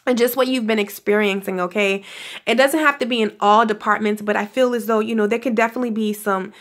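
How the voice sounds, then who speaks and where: A woman's voice: mid-range voice, fairly even intonation, fast. A woman giving a casual spiritual pep talk to her viewers, gushing and affectionate, calling them honey and laughing often. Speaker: spiritual guidance vlogger.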